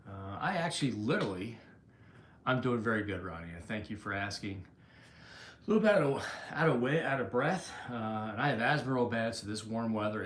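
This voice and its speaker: A man's voice: lowish voice, fairly bright tone, echoey room, slight background noise. A man hosting a casual livestream, greeting viewers by name while out of breath and rambling through restarts. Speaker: livestream host.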